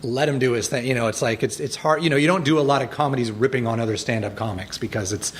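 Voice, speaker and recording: A man's voice: mid-range voice, fast. A man guesting on a podcast, telling stories in casual chat, acting out quotes and laughing as he talks. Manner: storytelling, laughing asides, acts out quotes.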